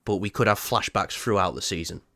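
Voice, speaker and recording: Low-pitched guy joking around on a film podcast, very dry sound. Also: fairly quick, bright, forceful tone, no echo. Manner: teasing, swears freely. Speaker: podcast co-host. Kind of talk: casual film chat.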